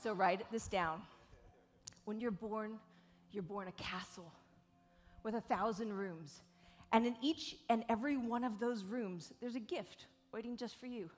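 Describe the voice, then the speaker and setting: A woman's voice: mid-range voice, unhurried, soft background music. A woman, giving a frank, jokey keynote on stage while she paints. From South Carolina, USA. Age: 40s. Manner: lively, jokey and frank, swearing casually. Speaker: keynote speaker and live speed painter. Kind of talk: live keynote talk to an audience. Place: event stage before an audience.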